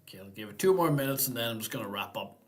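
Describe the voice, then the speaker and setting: A man's voice: on the low side, expressive, rapid-fire, slight background noise. A man hosting a casual live-stream Q&A, talking in an easygoing, rambling way and thinking aloud.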